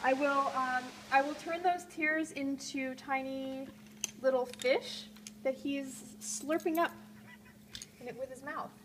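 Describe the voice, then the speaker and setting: Woman host, high voice, playful, rambling, noisy live gallery stream. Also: fairly even intonation, takes it slowly, a bit bright. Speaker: host of a live call-in art show. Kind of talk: live stream chat while drawing. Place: art gallery, indoors.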